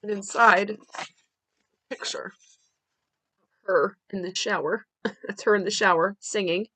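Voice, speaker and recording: A woman hosting a podcast, telling a personal story in a candid, conversational way with halting restarts. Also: mid-range voice, fairly even intonation, bright, forceful tone, no echo. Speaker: podcast host.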